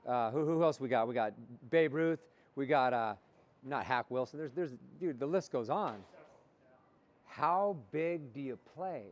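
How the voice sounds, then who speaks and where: A man coaching young baseball players in a motivational talk, asking questions and repeating the answers back. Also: fairly high pitch. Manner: call-and-response, asks questions and repeats answers. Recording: dull lo-fi recording.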